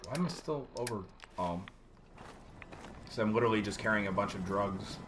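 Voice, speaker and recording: A man's voice: on the low side, normal speed, background noise. A man streaming a video game live, chatting casually and rambling with many fillers while answering viewers.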